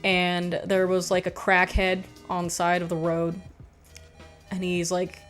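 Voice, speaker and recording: Chatty, animated American woman streamer. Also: on the low side, a little slow, soft background music. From United States. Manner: rambling and animated, swears often, many fillers. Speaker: livestreamer. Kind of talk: casual chat, reading out viewer comments.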